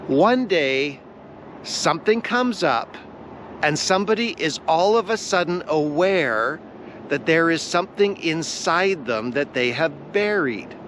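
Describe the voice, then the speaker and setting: A man teaching a devotional lesson on a vlog, earnest and deliberate, repeating his key phrases for weight. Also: fairly high pitch, animated, a bit bright, a little hiss or hum. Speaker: Bible teacher.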